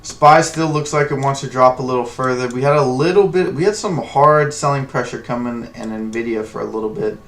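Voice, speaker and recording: A man's voice: medium pitch, fairly quick, hardly any pauses. A man hosting a live stock trading stream, joking loosely and thinking aloud as he reads the charts. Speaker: stock trading livestream host. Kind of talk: casual live trading commentary.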